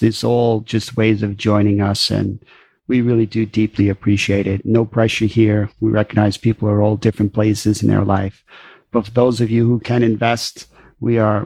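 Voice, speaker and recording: A man's voice: lowish voice, darkish tone, dry recording. A man co-hosting a podcast as a therapist, talking in an encouraging, easygoing way. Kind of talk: casual podcast chat.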